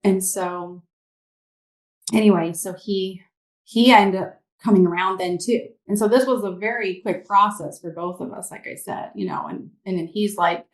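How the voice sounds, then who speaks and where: Woman guest, candid personal testimony, mid pitch, echoey room. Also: steady tone, normal speed. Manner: candid, rambling with fillers. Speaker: interview guest.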